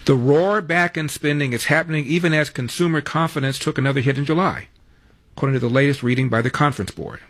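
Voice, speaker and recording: A man's voice: on the high side, quick pace, fairly bright tone. A man hosting a talk radio show in a studio, rattling through headlines with wry, sarcastic asides. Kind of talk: talk radio news rundown and monologue.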